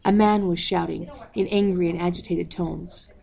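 A woman reads a storybook aloud in a low, dark voice with a gravelly edge. Her delivery is measured and unhurried, and she calls out page numbers along the way. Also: fairly even intonation. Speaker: audiobook reader.

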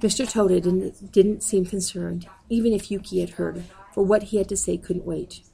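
A woman reading a story aloud at a measured pace, calling out page numbers as she goes. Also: mid-range voice, steady tone, vocal fry, mellow, husky. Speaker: audiobook reader.

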